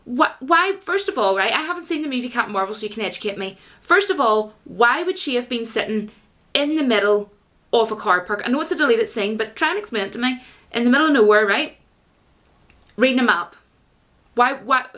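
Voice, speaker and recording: A woman with a fairly high voice talks casually to her vlog audience. She rambles from point to point and keeps turning to her viewers with rhetorical questions. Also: fairly bright tone. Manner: addresses viewers as guys. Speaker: YouTuber.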